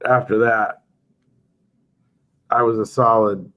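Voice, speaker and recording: A man's voice: on the low side, flat delivery, slow pace. Guy hosting a card stream, laid back and jokey, kinda dull lo-fi sound. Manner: jokey storytelling, chuckles often. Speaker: livestream host. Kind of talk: casual chat.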